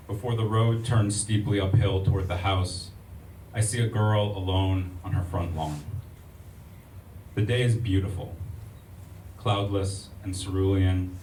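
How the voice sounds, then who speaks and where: An American man giving a poetry reading at a library event, reciting in a measured, rhythmic way with casual asides to the audience. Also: sits low, a little mellow. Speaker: poet. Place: public library event room. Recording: echoey room, distant mic, faint ambient noise.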